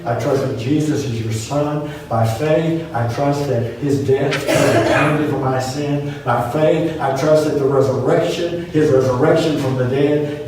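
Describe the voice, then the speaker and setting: Preacher echoing from afar. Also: male voice, on the high side, darkish tone, slight background noise. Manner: earnest storytelling with repeated emphatic phrases. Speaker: pastor. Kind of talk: sermon. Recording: very echoey room from far off.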